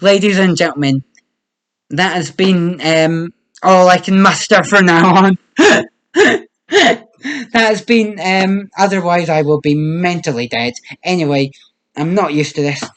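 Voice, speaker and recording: A man's voice: high voice, moderate pace, a bit bright. A young British man delivering a wry, self-deprecating stand-up comedy monologue.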